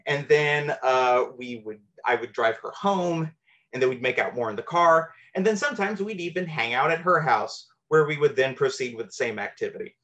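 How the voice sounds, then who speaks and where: A man's voice: medium pitch, lively intonation, normal speed, fairly bright tone. A man telling a true, personal story from his teenage years, earnest and candid with a self-deprecating edge.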